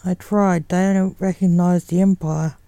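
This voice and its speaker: A woman's voice: on the low side, steady tone, a little slow, mellow, no echo. A woman reading the lines of a nervous, distracted older alien man.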